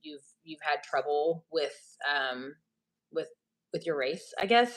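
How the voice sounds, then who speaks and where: A woman's voice: low voice, lively intonation, takes it slowly. A woman hosting a podcast, asking friendly questions with restarts. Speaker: podcast host. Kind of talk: casual interview chat.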